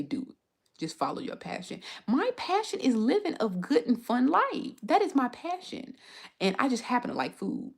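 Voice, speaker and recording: A woman's voice: on the low side, breathy edge. A young woman chatting casually on a livestream, rambling through stories with frequent restarts. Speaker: food and travel content creator streaming live.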